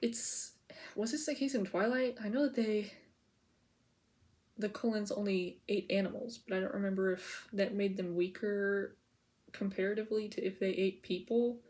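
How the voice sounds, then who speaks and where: A woman's voice: mid-range voice, fairly even intonation, moderate pace, a little mellow. A woman vlogger chatting casually to the camera, rambling and giggly, full of "like" and "okay?" as she info-dumps. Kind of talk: casual POV chat to camera.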